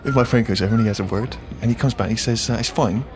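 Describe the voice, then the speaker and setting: A man's voice: medium pitch, very fast, noisy background. A man on a podcast, telling a self-deprecating comic story full of hesitant fillers. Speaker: podcast co-host.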